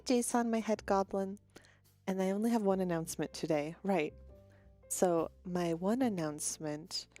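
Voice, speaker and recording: A woman with a slightly low voice chats casually with her stream viewers. She greets them one by one and drifts off her train of thought now and then. Faint music plays behind her. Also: a little mellow. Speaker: virtual streamer.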